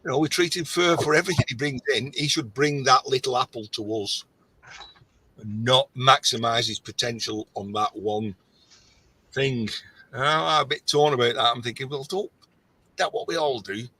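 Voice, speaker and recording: A man's voice: mid-range voice, normal speed, pushed and bright, husky, dry recording, rough recording. An Irish man in his sixties rambling through stories in casual chat, with stop-start phrasing. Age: 60s. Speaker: scrapper on a live chat.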